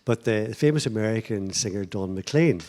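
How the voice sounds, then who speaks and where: A man with a Northern Irish accent presenting a radio programme, telling anecdotes and introducing guests in a lively way. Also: fairly low pitch, normal speed. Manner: lively storytelling, animated delivery. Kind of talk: radio interview and chat.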